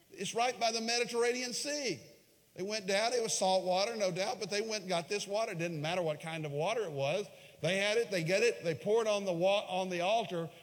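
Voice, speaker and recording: A man preaching a sermon, retelling a scripture story dramatically, swinging from hushed lines to loud, raised ones. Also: on the high side, brisk. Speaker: pastor. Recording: long hall reverb.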